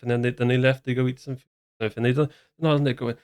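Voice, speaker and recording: A man's voice: mid-range voice, quick pace, a little mellow. A man hosting a reaction commentary, talking casually in a sarcastic, mocking way with lots of restarts. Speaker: commentary channel host.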